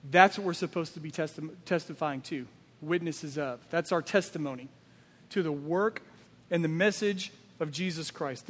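A man's voice: sits high, big-room sound. A man preaching a sermon as pastor, emphatic and full of rhetorical questions.

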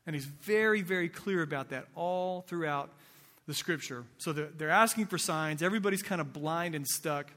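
Recorded with the long reverb of a large hall, this pastor's voice is a little high and a bit bright, at a normal pace. He delivers his sermon in a conversational style, asking listeners rhetorical questions.

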